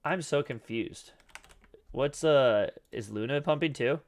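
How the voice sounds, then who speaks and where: Man, gravelly voice, scratchy throat, casual rambling chart talk, swears now and then. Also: mid-range voice, slow pace. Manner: rambling, loose and profane, many fillers. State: throat scratchy, clearing it often. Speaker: crypto trading streamer. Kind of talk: casual live-stream chart commentary.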